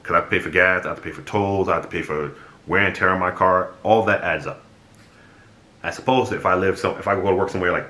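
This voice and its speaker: A young man talking straight to his viewers, telling a story in a blunt, animated way and swearing freely. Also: low-pitched. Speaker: vlogger. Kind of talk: casual storytelling monologue. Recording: echoey room.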